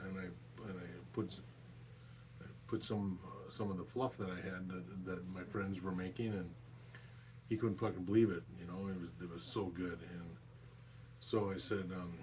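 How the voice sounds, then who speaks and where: A middle-aged man telling a story in a loose, rambling, casual way. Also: deep voice. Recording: distant mic with faint background noise.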